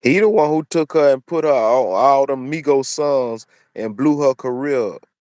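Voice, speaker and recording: A man's voice: medium pitch, moderate pace, a little mellow, no echo. Preachy, repetitive man. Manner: repeats phrases for emphasis, preachy. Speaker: commentary channel host. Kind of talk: opinionated solo commentary.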